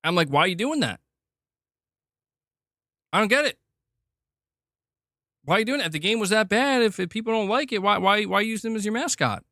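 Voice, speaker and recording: A male streamer on a live show, heated and cursing as he rants about games. His voice sits high and swings widely up and down. The sound is close and dry, with no room around it. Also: a little fast, long pauses, no echo. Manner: heated, animated, swears freely. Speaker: streamer host. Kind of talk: casual livestream rant.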